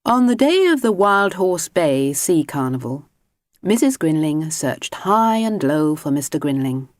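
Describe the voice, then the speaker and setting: A woman narrates a children's storybook at an unhurried pace, her lowish voice rising and falling with lively melody. Her reading is gentle and expressive, recorded close and dry. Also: dry recording. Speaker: audiobook narrator.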